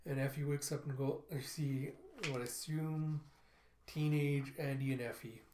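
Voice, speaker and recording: A man's voice: medium pitch, fairly even intonation, normal speed, darkish tone, slight background noise. A man casually reading through and recapping a comic book, narrating each panel with "and he goes.". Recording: roomy echo.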